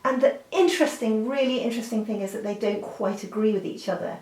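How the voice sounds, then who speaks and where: A woman's voice: on the high side, fast talker, a little mellow. A woman giving a drawing lesson, chatty and full of fillers, often breaking off with apologetic asides. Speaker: art teacher. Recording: roomy, from a distance, faint noise.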